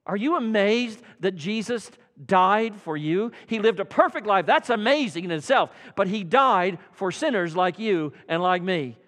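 A man preaching an evening church sermon, swinging from loud fervent calls to hushed quiet passages. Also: high-pitched, expressive, measured pace, hardly any pauses, in a large hall. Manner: dramatic swings from loud fervor to hushed tones. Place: church sanctuary.

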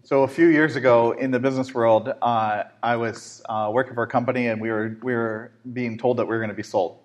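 A man hosting a faith-based talk show, telling a story in a lively way with frequent fillers. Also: medium pitch, a little fast. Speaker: host.

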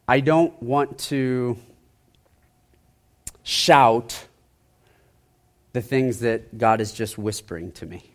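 A male pastor preaching in a loose, conversational way. He keeps repeating his phrases and sinks into a quiet, soft-spoken emphasis on his key points. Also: medium pitch, lively intonation, unhurried, few pauses. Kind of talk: sermon.

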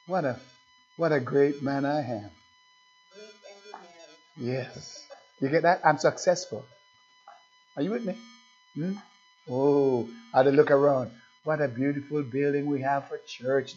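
Animated male pastor preaching. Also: mid-range voice, a little slow, long pauses. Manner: animated, rhetorical questions to the congregation. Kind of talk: sermon. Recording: dull lo-fi recording with faint music.

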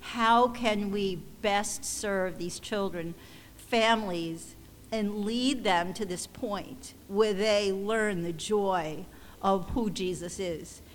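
A woman leading a ministry, giving a heartfelt church testimony to supporters in a halting, emotional way, often restarting her sentences. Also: medium pitch. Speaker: ministry leader addressing supporters. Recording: long hall reverb, faint background noise.

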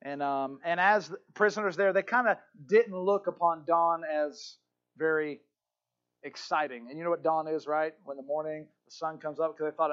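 High-voiced impassioned male pastor preaching. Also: normal speed, dull audio. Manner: impassioned storytelling, swings from hushed to shouting. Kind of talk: sermon.

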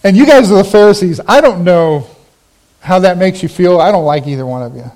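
A man's voice: high voice, brisk. A middle-aged male pastor preaching a sermon, telling a personal story and acting out the people in it. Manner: animated storytelling, acting out quoted voices.

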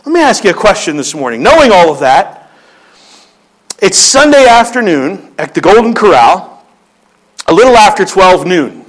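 A man's voice: high-pitched, big pitch swings, normal speed, long pauses, low-quality recording. A man preaching a sermon, telling stories in a joking, conversational way. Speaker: pastor.

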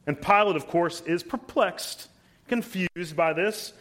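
Man, pastor, slow and emphatic sermon delivery, slightly high voice. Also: a bit bright. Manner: deliberate, emphatic, reads scripture aloud. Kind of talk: expository sermon.

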